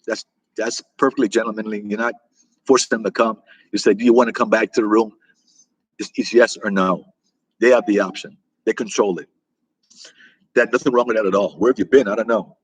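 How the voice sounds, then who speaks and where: Husky American man chatting with viewers. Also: lowish voice, fairly even intonation, brisk, long pauses, no room sound, rough recording. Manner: rambling, repeats himself, talks back to viewer comments. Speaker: livestream host answering chat. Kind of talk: casual live chat.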